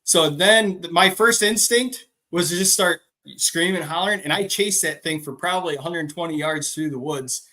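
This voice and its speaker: A man's voice: on the high side, normal speed, few pauses, pushed and bright. A man co-hosting a casual farm podcast, telling a story animatedly and acting out quotes. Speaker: podcast co-host.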